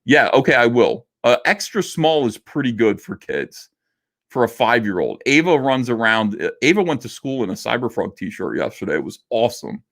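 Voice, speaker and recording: A man's voice: mid-range voice, very animated, normal speed, a bit bright. A middle-aged man hosting a casual livestream, reading viewer messages aloud and answering them in a loose, joking way with many fillers. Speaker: livestream host reading super chats.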